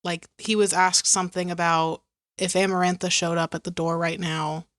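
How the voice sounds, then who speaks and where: A young woman with a fairly low voice chats earnestly and casually about a book. She leans on "like" fillers as she talks. The recording is close and dry, with no room sound. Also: flat delivery, normal speed, a bit bright, no room sound. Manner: chatty, lots of "like" fillers, earnest. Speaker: podcast co-host.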